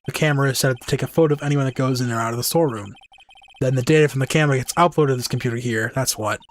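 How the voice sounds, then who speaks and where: A man voicing a composed, polite young woman who runs an exhibition, in a game playthrough, in a calm, measured tone. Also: medium pitch, slight background noise, lightly acted. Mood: earnest.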